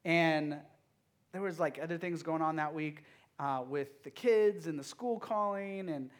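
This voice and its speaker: A man in his thirties, a youth pastor giving a casual sermon, telling stories in an animated way with many fillers. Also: fairly high pitch, a little slow.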